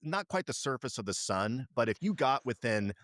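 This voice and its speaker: A man's voice: medium pitch, normal speed, no room sound, studio quality. A middle-aged man co-hosting a podcast, chatting casually and animatedly, swearing now and then. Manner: animated, swears casually, slips into kid-commercial impressions. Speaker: podcast co-host. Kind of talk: casual chat.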